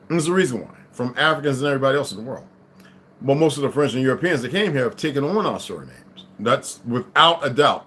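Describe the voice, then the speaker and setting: A man hosting a casual livestream, reading aloud and commenting in a rambling way, dropping to mutters and rising to loud outbursts. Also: medium pitch.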